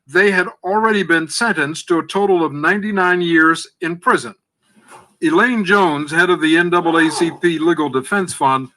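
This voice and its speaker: A man narrating a documentary in a measured, scripted delivery. His voice sits slightly high and has a bright tone. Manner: measured, questioning.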